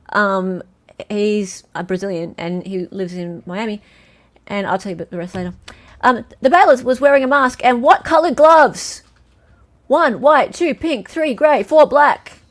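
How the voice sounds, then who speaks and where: Australian woman, livestream host, casual quiz chat, slightly high voice, chatty, laughs a lot. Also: expressive, normal speed. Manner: chatty, laughs often, reads out viewer names.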